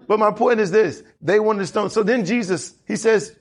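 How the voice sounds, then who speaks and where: Husky-voiced man preaching. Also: sits high, moderate pace. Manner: animated preaching with congregation call-and-response. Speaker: pastor. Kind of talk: sermon.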